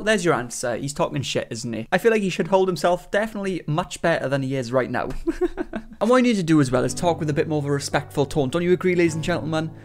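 Sarcastic man ranting. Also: fairly high pitch. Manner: sarcastic, ranting, laughs often. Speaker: commentary host. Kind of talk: reaction commentary.

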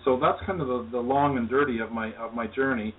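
A man of middle pitch tells his story in an earnest, reflective way as a guest on a call-in interview. He sounds distant on a thin, tinny phone line, with a faint hiss underneath. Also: fairly even intonation, a little fast. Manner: earnest, reflective, talks of spirituality. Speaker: energy healer, interview guest.

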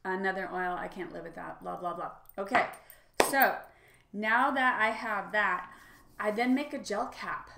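A woman's voice: mid-range voice, a little slow, gravelly, bright, forceful tone, echoey room, slight background noise. A middle-aged woman vlogger demonstrating products in a chatty, enthusiastic way, with frequent fillers. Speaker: lifestyle vlogger.

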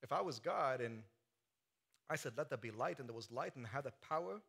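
A man preaching a sermon, swinging from quiet, joking asides to loud, soaring climaxes. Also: medium pitch, lively intonation, a little fast, creaky, breathy edge. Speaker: pastor. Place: church sanctuary.

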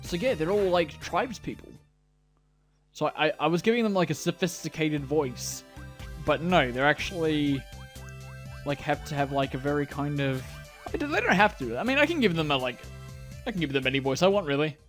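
A man's voice: a little high, lively intonation, moderate pace, soft background music. Rambling, swearing let's play guy. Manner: rambling and swearing, heavy use of "like". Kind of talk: casual gameplay commentary.

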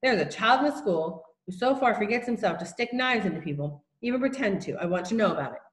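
A man's voice: high voice, expressive, very fast, reverberant. A woman voicing a stern, sarcastic male headmaster who scolds sharply, in a storybook reading.

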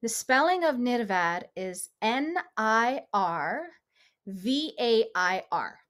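A woman leading a meditation session, talking gently and casually with frequent small laughs. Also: on the high side, animated, slow. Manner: gentle, chatty, laughs often. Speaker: meditation leader. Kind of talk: guided meditation instruction.

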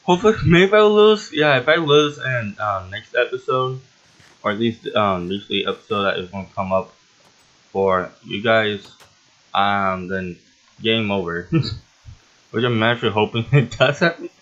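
A man giving casual, excitable let's-play commentary as the host of a gaming channel, rambling and often yelping or laughing. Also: fairly low pitch, a little slow, dull audio.

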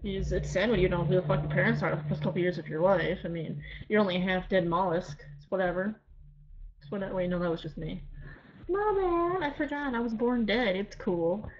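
A woman's voice: fairly low pitch, fairly quick, dull audio, a little hiss or hum. A woman in her early twenties ranting defiantly to camera in a casual vlog, sarcastic and rambling with many restarts. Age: 20s. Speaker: vlogger. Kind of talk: casual talking-to-camera rant.

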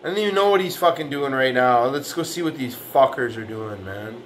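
A man's voice: mid-range voice, expressive, a little fast, fairly bright tone, a little hiss or hum. A man ranting in a profane, boastful way, trash-talking rivals, with an argumentative tone that keeps returning to "man" and "right". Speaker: fitness vlogger. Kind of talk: profane reaction rant.

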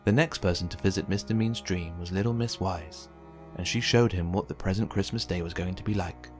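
Guy reading a kids storybook out loud, lowish voice, soft music under it. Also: brisk. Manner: gentle, expressive storytelling. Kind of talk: children's book read aloud. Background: faint background music.

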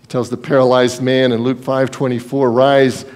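A man preaching a sermon as pastor, telling Bible stories in a lively way and acting out the people in them. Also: medium pitch, fairly quick. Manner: storytelling, acts out Bible scenes in quoted voices.

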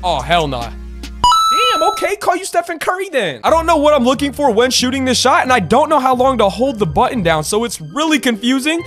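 A young man giving live, excitable gameplay commentary, swearing and pleading with his teammates. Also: extremely high pitch, fairly quick, music in the background. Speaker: gaming YouTuber.

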